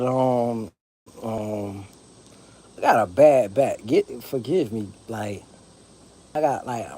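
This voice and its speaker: Man, Southern accent, mellow dark voice, rambling, profane, casual vlog talk. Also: medium pitch. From Broward County, Florida. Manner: rambling, profane, laid-back. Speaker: vlogger. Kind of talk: casual monologue to camera.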